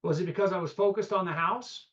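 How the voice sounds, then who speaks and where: The audio is dull, but the man's high-sitting voice comes through as he talks fast. He's running a live real estate investing seminar, energetic and chatty, constantly throwing rhetorical questions and "okay?" at the crowd.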